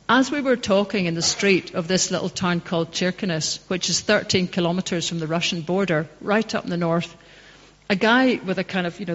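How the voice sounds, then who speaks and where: A woman from Northern Ireland answering audience questions after a public talk, conversational and passionate, telling anecdotes. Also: fairly low pitch. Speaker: guest speaker. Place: public hall. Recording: dull echoey hall recording.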